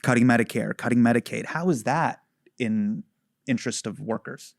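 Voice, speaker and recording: A man interviewing a guest, asking questions in an incredulous, animated way. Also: mid-range voice, normal speed, creaky, no room sound, clean studio sound.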